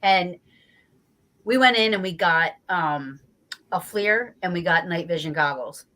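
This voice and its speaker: A woman from New Jersey, a guest on a talk show, telling a story in a lively, casual way, acting out her own reactions and swearing freely. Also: on the low side, measured pace. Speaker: guest investigator.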